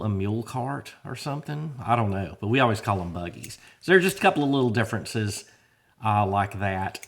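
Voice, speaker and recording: A man's voice: lowish voice, a bit bright. A man from Shreveport with a northwest Louisiana Southern accent, hosting a casual, rambling monologue from his garage in a folksy, drawling way. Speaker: garage channel host. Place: home garage.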